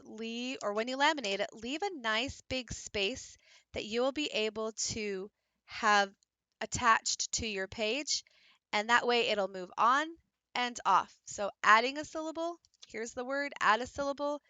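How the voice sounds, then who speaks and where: A woman's voice: on the high side, pushed and bright, clear, resonant tone, dry recording. A woman teacher patiently explaining, step by step, how to build a classroom visual aid while she works with her hands. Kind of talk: instructional craft tutorial.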